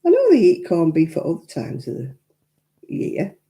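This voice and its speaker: A frank, chatty Englishwoman hosts a live crafting stream, answering her viewers' comments as she goes. Her voice is very dark and mellow. She laughs easily and speaks her mind. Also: fairly low pitch, wildly swooping pitch, normal speed, creaky. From England. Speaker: crafting livestream host. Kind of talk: chatty livestream talk.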